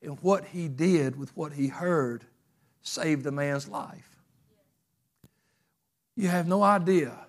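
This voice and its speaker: A man preaching a fervent sermon, telling stories and swinging from loud bursts to hushed passages. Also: fairly high pitch, slow, pauses often.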